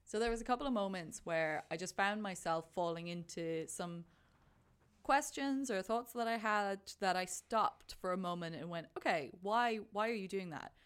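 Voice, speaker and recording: Chatty young woman, slightly low-pitched, animated film-chat talker. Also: normal speed, clean tone. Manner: chatty, animated, acts out her own thoughts in quotes. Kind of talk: casual film discussion.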